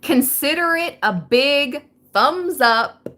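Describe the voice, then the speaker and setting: A woman giving a spiritual card reading at an unhurried pace, her voice sitting in a middle register. She reads each message with drawn-out emphasis. Between passages she slips into casual, chatty remarks to her viewers. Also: mid-range voice, lively intonation, fairly bright tone. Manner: reads oracle messages slowly, breaks into casual asides. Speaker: tarot reader.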